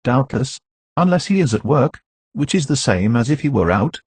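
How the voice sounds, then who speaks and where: A man's voice: medium pitch, very animated, normal speed, breathy edge, dry recording, full character voice. A man voicing a curt male valet in an audiobook, answering shortly and dismissively.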